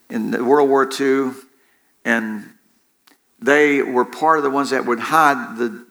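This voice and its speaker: A male preacher with a mid-range, fairly bright voice delivers a sermon. He often restarts phrases, repeating himself, and pulls the congregation into call-and-response.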